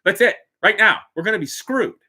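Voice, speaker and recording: A man's voice: high-pitched, expressive, a little fast, sharp tone, breathy edge. A man hosting a live stream, reading and answering viewer questions in a blunt, joking way, laughing often and dropping into muttered asides. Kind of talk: casual live-stream chat.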